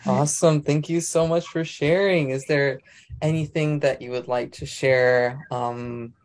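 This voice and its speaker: This host leads an online open mic over a video call and talks at an unhurried pace. The host cheers the readers on with casual slang and thanks them warmly for sharing. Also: mid-range voice, fairly even intonation. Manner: enthusiastic and encouraging, with slang.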